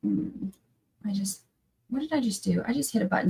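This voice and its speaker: A woman's voice: medium pitch, lively intonation, moderate pace, vocal fry, warm tone, husky, rough recording. Chatty woman livestreaming. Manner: chatty, rambling, breaks off mid-sentence. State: tired from little sleep. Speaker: livestream trial commentator. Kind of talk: casual livestream chat.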